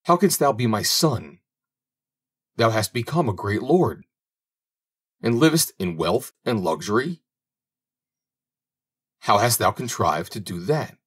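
Older peasant father, stern and worried, read by a man; low, husky, lively pitch. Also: takes it slowly, long pauses, full character voice. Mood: astonished. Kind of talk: audiobook reading.

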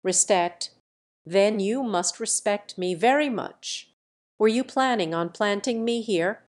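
A woman's voice: mid-range voice, takes it slowly, lightly acted. A woman reading as a furious proud princess. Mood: indignant. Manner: sharp, demanding, indignant. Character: hot-tempered proud young princess.

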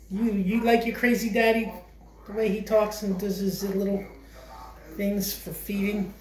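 A man talking to his twin babies while he feeds them, switching between casual remarks and playful sing-song baby talk. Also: high voice. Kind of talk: casual home vlog narration. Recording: echoey room with clear crowd chatter.

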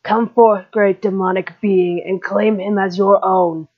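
Solemn cult leader, woman voicing, slow grave chant, lo-fi fan drama. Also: mid-range voice, steady tone, close to an everyday voice. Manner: grave incantation.

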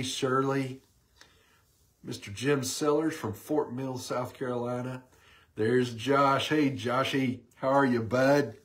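An enthusiastic man hosts a live online Bible teaching with a mid-pitched voice. He talks into a webcam, welcoming viewers by name and walking them through a verse with steady energy.

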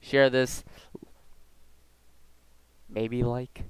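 A teenage American man giving jokey, excitable commentary as a gaming streamer. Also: medium pitch, extremely slow, clear, resonant tone, no room sound. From United States. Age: late teens. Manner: excitable, jokey, with sudden yelps and laughs. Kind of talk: let's-play commentary.

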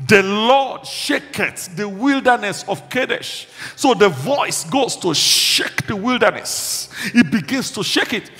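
A male pastor delivering a fervent sermon, building to shouted declarations of faith. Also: sits high, animated, measured pace, hardly any pauses. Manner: impassioned preaching with shouted declarations. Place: church hall. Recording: reverberant hall with faint music.

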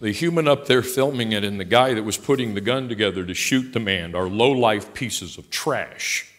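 An older male pastor preaching a blunt, folksy sermon. He swings from quiet asides to loud, passionate outbursts. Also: on the low side, normal speed. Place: large church sanctuary. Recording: long hall reverb in a church.

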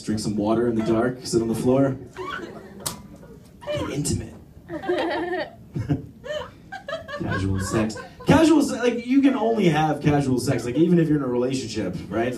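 Crude young male stand-up comic. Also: medium pitch. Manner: crude, rambling, self-deprecating delivery. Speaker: stand-up comedian. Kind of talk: stand-up comedy set. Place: comedy club stage. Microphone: phone camera from the audience. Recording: roomy club sound, phone from far off. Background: crowd laughing.

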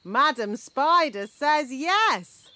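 A woman's voice: high-pitched, big pitch swings, extremely slow, heavy background noise, heavily acted. A woman voicing a bossy, blunt fairy nanny in a children's cartoon, lecturing and rudely frank. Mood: instructive. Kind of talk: cartoon voice acting.

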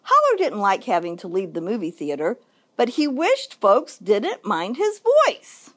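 With a medium-pitched voice and an unhurried pace, a woman who works as a children's librarian reads a picture book for story time. Her delivery is expressive and sing-song.

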